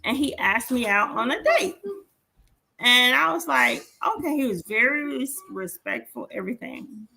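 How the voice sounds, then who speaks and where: A woman's voice: sits high, animated, moderate pace, creaky, bright, forceful tone, husky. A woman in her forties, a podcast co-host, telling stories animatedly and swearing freely as she acts out the dialogue. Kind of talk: casual storytelling chat.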